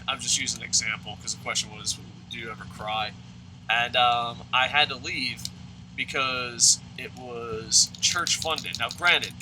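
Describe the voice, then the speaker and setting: A man's voice: mid-range voice, noisy background. A man hosting a let's play, casually telling a personal story in a profane, sarcastic, rambling way with lots of fillers. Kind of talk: casual storytelling over gameplay.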